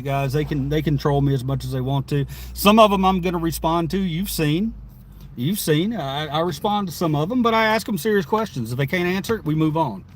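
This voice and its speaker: A man's voice: medium pitch, a little hiss or hum. A man live streaming from inside his car, reading viewer chat aloud and answering it in a rambling, chatty way with frequent laughs.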